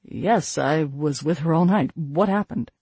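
A man's voice: fairly high pitch, a little slow, gravelly, darkish tone, husky, no room sound, exaggerated voice. A man reading an audiobook, voicing a foolish, pompous young elf man who swaggers and offers unwanted help. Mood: indignant. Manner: pompous, smug.

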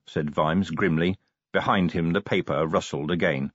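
A man narrating an audiobook in an expressive, measured storytelling manner. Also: low-pitched, slightly rough, no room sound, lo-fi sound. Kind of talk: scripted narration.

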